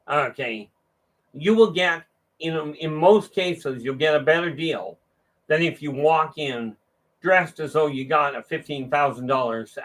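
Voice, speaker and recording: A man's voice: a little high, a bit bright, poor audio. A man giving an informal motivational talk, rambling and restarting often, acting out the voices of people in his stories. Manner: rambling storytelling with frequent restarts; acts out dialogue with raised voice. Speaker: motivational speaker. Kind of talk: casual monologue.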